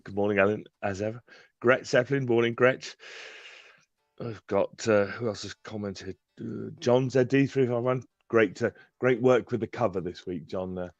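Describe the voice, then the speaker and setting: A man with a lowish voice chats on a live stream, rambling through fillers and breaking into laughs. His call audio is dry and a little dull, with no room sound at all. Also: moderate pace, dry recording. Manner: chatty, laughs often, many fillers. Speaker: co-host. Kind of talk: casual live-stream chat.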